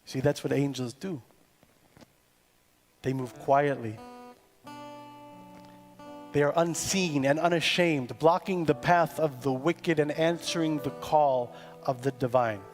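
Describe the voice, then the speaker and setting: A male cantor delivers his sermon at an unhurried, measured pace, his slightly high voice carrying into the long reverb of a big sanctuary. He repeats phrases deliberately, almost like verse, and soft music sits faintly underneath. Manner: slow, deliberate delivery with poetic repetition. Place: synagogue sanctuary.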